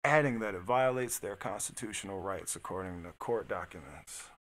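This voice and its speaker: A man's voice: sits low, moderate pace, fairly bright tone. A man hosting a live stream, reading news articles aloud and breaking off into blunt, slangy reactions. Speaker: streamer host. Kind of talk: casual live-stream commentary.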